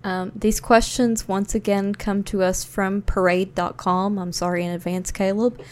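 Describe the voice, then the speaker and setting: A woman explaining trivia questions on a podcast in a soft, matter-of-fact way. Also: medium pitch, level tone, a little slow. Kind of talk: casual chat.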